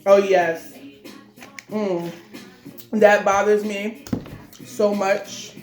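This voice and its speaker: A woman's voice: mid-range voice, fairly even intonation, drawn-out words, soft background music. A woman co-hosting a casual mukbang chat, talking loosely with lots of fillers while she eats. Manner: chatty, loose and rambling, full of fillers. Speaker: mukbang co-host. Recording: roomy echo.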